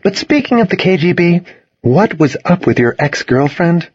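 A man voicing a sharp-tongued, witty teenage girl in a storybook reading. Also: lowish voice, sing-song, moderate pace, breathy edge, dry recording, dull audio, voice pushed up. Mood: wry.

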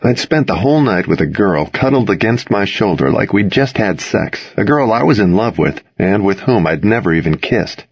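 A man narrating a first-person audiobook with intimate, expressive storytelling. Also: on the low side, moderate pace, few pauses, slightly rough, no room sound, lo-fi sound.

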